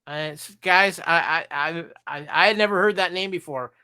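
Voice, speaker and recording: A woman's voice: on the low side, normal speed, bright, forceful tone, clear, resonant tone. A woman hosting a fan podcast panel, talking casually with hesitant restarts and handing turns to others. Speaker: podcast host.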